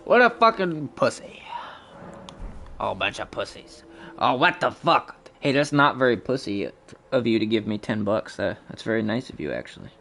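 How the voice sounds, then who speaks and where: A man's voice: on the low side, lively intonation, normal speed, vocal fry, a bit bright. A man streaming a game live, cursing and trash-talking opponents and chatting casually with viewers. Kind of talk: live gaming stream commentary.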